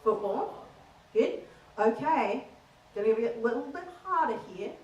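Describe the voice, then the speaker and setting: Woman comedian, Australian accent, high voice, echoey theater room, a bit distant from the mic. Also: expressive, unhurried, muffled recording. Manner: playful, teasing the audience, slipping into accents. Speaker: stand-up comedian. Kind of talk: stand-up comedy set doing accents.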